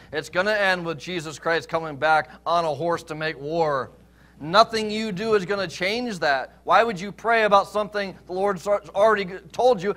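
A man preaching a sermon, pastor of a church, emphatic with rhetorical questions, swinging between loud stress and quiet scripture reading. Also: sits high.

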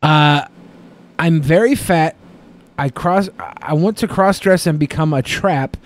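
A man with a somewhat high voice speaks slowly as he co-hosts a podcast, reading out listener questions and offering loose, profane, joking advice. He laughs often, and the talk is crude podcast banter.

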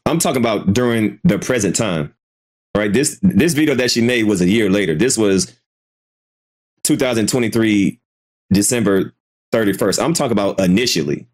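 Male live-stream commentator, casual and hesitant, swears a lot, pitch swings widely. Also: lively intonation, moderate pace, darkish tone. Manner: hesitant, repeats himself, swears freely. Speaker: commentary channel host.

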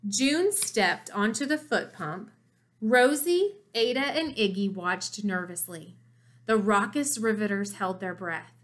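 A woman's voice: medium pitch, animated, takes it slowly. A woman reading a children's chapter book aloud, stopping to explain the pictures to her listeners. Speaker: storybook reader.

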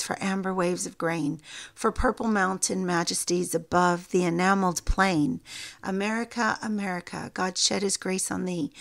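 A woman teaching from scripture, reading verses slowly and deliberately and becoming emotional at times. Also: medium pitch, creaky, fairly bright tone. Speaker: Bible teacher.

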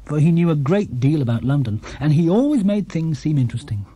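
A man narrating a children's storybook in a lively, expressive way. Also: on the high side, fairly quick, husky, dry recording. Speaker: audiobook narrator.

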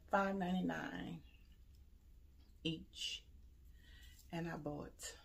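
A woman showing off holiday decorations she bought, talking casually and excitedly straight to her viewers. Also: fairly low pitch, takes it slowly, creaky, long pauses, rough recording. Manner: enthusiastic, addresses viewers directly, exclaims over items. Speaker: home decor vlogger. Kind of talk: casual haul show-and-tell.

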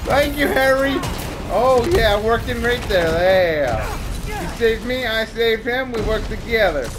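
Excitable high-voiced gamer man. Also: measured pace, noisy background. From Canada. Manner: jokey and excitable, breaks into shouts. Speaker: let's play gamer. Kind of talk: gameplay commentary. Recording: voice over loud game music.

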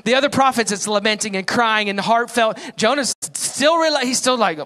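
A young man preaching a sermon as pastor, telling a story with animated voices for the people in it. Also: high voice, normal speed, few pauses. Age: young adult. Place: church.

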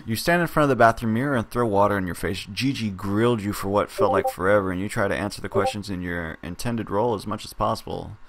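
Lowish man casually reading a story game. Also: quick pace, few pauses, background noise. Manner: reads narration aloud, breaks off to chat and laugh. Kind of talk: casual game read-through.

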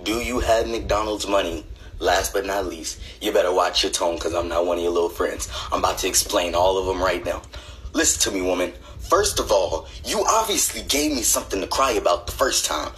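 A young man doing comedic skit monologues, swinging between high exasperated rants and low deadpan asides. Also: brisk, a little hiss or hum, rough recording. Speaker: comedy sketch creator.

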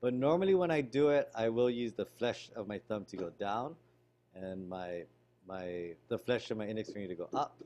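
A man teaching a ukulele lesson over a video call, explaining strumming technique in a relaxed way while he demonstrates. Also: on the low side, moderate pace. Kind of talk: online music lesson. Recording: ukulele playing loud behind voice.

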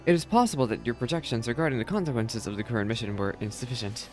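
A man's voice: medium pitch, very fast, faint music behind, close to an everyday voice. A man voicing a formal, literal-minded robot unit with a clipped, mechanical delivery while reading game dialogue aloud. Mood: formal, robotic.

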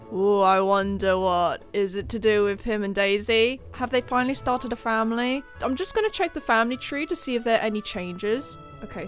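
A woman giving casual gameplay commentary, chatty and excitable, with sudden shrieks of surprise. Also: medium pitch. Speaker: game commentator.

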